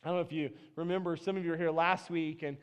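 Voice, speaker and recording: A man's voice: a little high, flat delivery, fast talker, clean tone. A male pastor preaching a conversational sermon in a church, often restarting and repeating words, speaking into a worn mic. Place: church sanctuary. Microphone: worn microphone.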